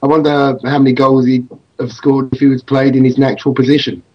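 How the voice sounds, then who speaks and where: A man of middle pitch chips into a podcast chat with dry, curious questions. His mic sounds dull and lo-fi, with the top end cut. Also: little pitch movement, a little fast, slightly rough. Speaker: podcast co-host. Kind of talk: casual fan podcast chat.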